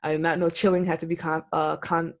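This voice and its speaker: Gravelly-voiced woman telling dating stories. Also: sits low, fairly quick. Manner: animated storytelling, acting out quoted voices. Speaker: podcast co-host. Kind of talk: casual chat.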